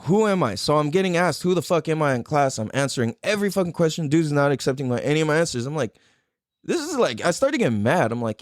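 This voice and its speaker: A man hosts a podcast and tells a personal story in loose, casual speech, with plenty of "like," "dude" and swearing. His pitch rises and falls a lot as he acts out his own past reactions. The recording is dry and close. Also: very animated, quick pace, no room sound. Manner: loose and profane, full of "like" and "dude". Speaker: podcast host.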